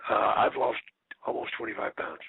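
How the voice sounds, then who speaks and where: A man in his fifties, a retired wrestler, giving a rambling, profane interview full of deadpan jokes. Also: moderate pace, dry recording. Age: 50s. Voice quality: gravelly, raspy. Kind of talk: casual phone interview. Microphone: phone. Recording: tinny phone line.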